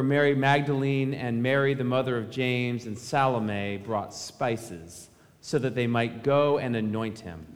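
A man preaching a sermon as pastor, speaking conversationally and asking the congregation rhetorical questions. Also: medium pitch. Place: church sanctuary. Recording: long church reverb.

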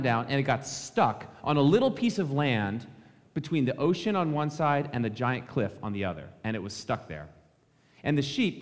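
A male pastor gives a Christmas Eve sermon, telling a relaxed story and speaking to the children. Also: a little high. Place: church sanctuary. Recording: long church reverb.

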